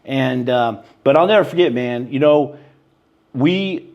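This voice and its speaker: The audio is dull, and the man's medium-pitched voice moves a little slowly. He's a podcast guest in his thirties, casually telling stories in an interview, animated throughout, often saying "bro" and "man," with quotes acted out in a raised voice.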